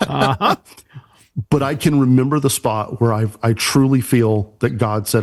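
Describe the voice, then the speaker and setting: A man's voice: mid-range voice, a little slow. A man, a church production pastor and podcast guest, earnestly telling an emotional personal story.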